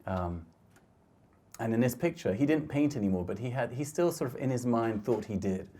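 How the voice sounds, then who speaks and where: A middle-aged man giving a reflective talk about his photographs, speaking gently and haltingly with frequent restarts. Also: mid-range voice, animated. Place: lecture hall.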